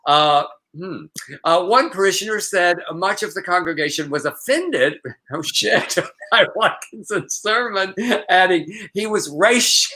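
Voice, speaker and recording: A man co-hosting a live news chat show, talking in an animated way and laughing easily. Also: a little high, moderate pace. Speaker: co-host.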